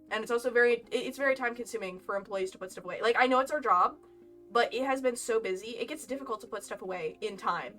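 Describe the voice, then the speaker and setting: A woman's voice: a little high, pushed and bright, recorded from a distance. A young woman streamer telling a casual story, chatty and rambling with frequent laughs. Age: young adult. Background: lo-fi game music.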